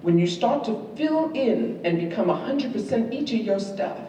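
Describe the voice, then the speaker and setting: A woman's voice: a little high, normal speed, highs cut off. Wry woman speaker in an echoey hall. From New York. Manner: lively, wry, teasing the audience with questions. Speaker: guest speaker. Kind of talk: university lecture to students. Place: large lecture hall. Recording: echoey hall from far off, faint room noise.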